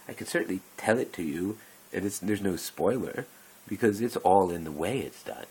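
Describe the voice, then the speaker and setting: A man's voice: deep voice, lively intonation, moderate pace, breathy edge, poor audio. A man talking in a rambling, meandering way, often breaking off mid-sentence and chuckling as he goes. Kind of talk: rambling casual monologue.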